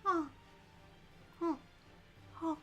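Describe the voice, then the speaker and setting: A woman's voice: very high voice, steady tone, drawn-out words, highs cut off, soft background music. A woman livestreaming a story game, chatting casually with lots of ums and reading the text aloud. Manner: chatty, giggly, frequent ums. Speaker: streamer playing a story game.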